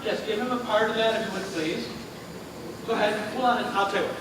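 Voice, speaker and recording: A man whose voice sits high talks fast while performing stage magic, trading jokes and chat with volunteers before a live audience. It's recorded far off in an echoey theater hall, with the audience audible.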